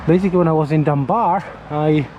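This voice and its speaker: A man from Italy with an Italian accent, chatting casually on a walking vlog and often pausing to search for words, talking into a camera outdoors on a windy street. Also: on the high side, darkish tone, lo-fi sound. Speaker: vlogger. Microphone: camera mic held near the face. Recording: faint wind and traffic noise outdoors.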